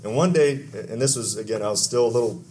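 A man's voice: mid-range voice, fast, darkish tone, slight background noise. Chatty Texan man preaching a sermon. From Texas. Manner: conversational, rambling preaching with asides and questions to the congregation. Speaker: pastor.

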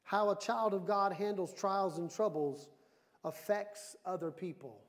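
Here the high-voiced, bright-toned pastor takes his sermon a little slowly, yet remains lively. He alternates between storytelling and direct appeals, often asking the congregation questions in return.

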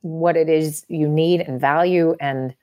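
A woman's voice: low-pitched, fairly even intonation, a little slow, a little mellow. A woman hosting an advice podcast, giving encouraging, coaching advice in casual chat with many fillers.

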